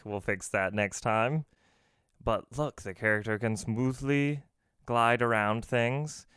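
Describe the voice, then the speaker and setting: A man's voice: fairly low pitch, a bit bright, clear, resonant tone, no echo, clean studio sound. A man hosting a casual, jokey screen-recorded game development tutorial, walking through each step with self-deprecating asides. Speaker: game dev tutorial host.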